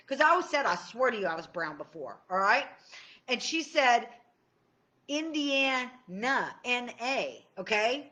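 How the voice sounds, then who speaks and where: Excitable woman coach, bright tense voice, swoops high and low, lively stream host. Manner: bubbly, excitable, chats to viewers by name. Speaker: tapping coach. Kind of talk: live-stream Q&A teaching.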